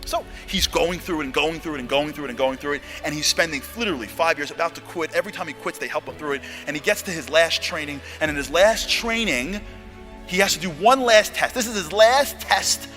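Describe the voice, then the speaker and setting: An American man telling a story to an audience, acting out the dialogue and swinging from hushed asides to loud exclamations. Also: a little high, fairly quick, soft background music. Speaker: motivational speaker. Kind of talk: animated storytelling talk.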